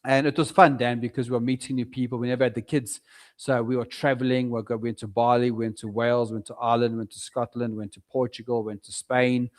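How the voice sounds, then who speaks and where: A man's voice: mid-range voice, brisk. A middle-aged South African man, a property investor, telling his story animatedly in a casual podcast interview. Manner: animated storyteller, acts out his own past words.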